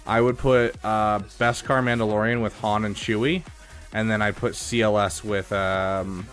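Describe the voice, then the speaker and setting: Low-voiced male streamer, chatty. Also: little pitch movement, measured pace, fairly bright tone, soft background music. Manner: chatty, thinks aloud, frequent fillers. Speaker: streamer reviewing game accounts. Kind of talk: casual live-stream commentary.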